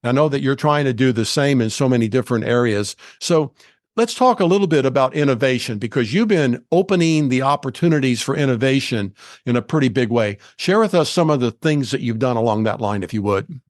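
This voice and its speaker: Middle-aged male host, steady mid-range voice, dry close mic, measured delivery. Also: medium pitch, dry recording. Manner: measured, explanatory, with small restarts. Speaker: podcast host. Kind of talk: conversational interview.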